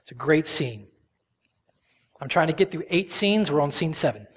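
A male pastor preaching a sermon with passion, swinging from loud emphasis to hushed whispers. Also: on the high side, expressive, normal speed, slightly rough, in a large hall.

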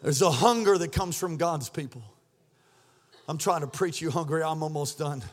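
A man preaching an energetic sermon as pastor, shouting and leading the congregation in call-and-response. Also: on the high side, normal speed. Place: church sanctuary.

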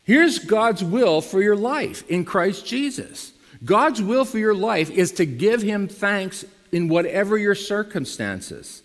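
A man preaching a sermon to his congregation in lively style, now and then rising to loud emphatic bursts. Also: high-pitched, slow pace, in a large hall. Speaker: pastor.

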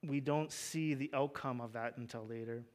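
A man's voice: medium pitch, fairly even intonation, moderate pace. A young adult man preaching a sermon, conversational, with joking asides and fervent emphasis on key points. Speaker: pastor.

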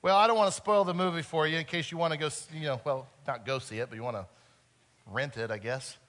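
A man preaching a sermon earnestly, swinging between loud emphasis and soft, quiet moments. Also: on the high side, fast talker. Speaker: pastor.

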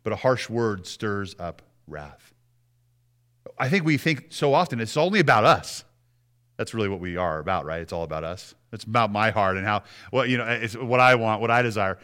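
Bright-voiced male pastor preaching. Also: lowish voice, lively intonation, moderate pace. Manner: conversational preaching with rhetorical questions to the congregation. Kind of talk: sermon.

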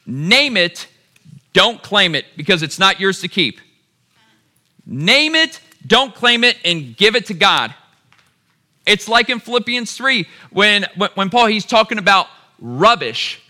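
A man's voice: sits high, sharp tone. A man preaching a sermon, calling the crowd "y'all" and building to emphatic repeated phrases.

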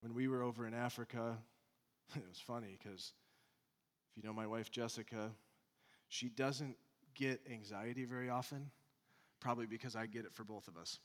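A male pastor delivering a sermon, moving between loud emphatic points and quiet, mocking asides. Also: medium pitch, steady tone, moderate pace, pauses often, big-room sound.

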